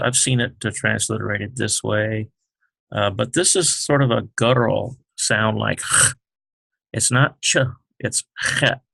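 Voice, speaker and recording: A man teaching the Hebrew alphabet, talking slowly with many fillers as he writes out each letter. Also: medium pitch, vocal fry, sharp tone, slightly rough, no room sound. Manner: slow, halting, many fillers, explains while writing. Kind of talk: unscripted alphabet lesson.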